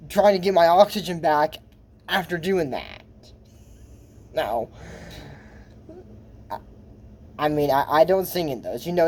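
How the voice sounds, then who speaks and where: A man's voice: on the high side, a little mellow. A man chatting casually as he recaps a cartoon episode, rambling with lots of asides and fillers. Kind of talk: casual commentary.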